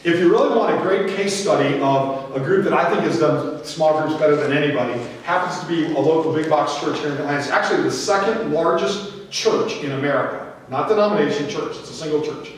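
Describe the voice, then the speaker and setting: A middle-aged man with a fairly high voice gives an animated conference talk and slips into anecdotes. He sounds far from the mic, and his voice rings out with a long hall reverb. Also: a little fast, hardly any pauses, a little hiss or hum. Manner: storytelling, animated, acts out quoted voices. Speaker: conference speaker. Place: large hall. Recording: echoey hall, distant mic.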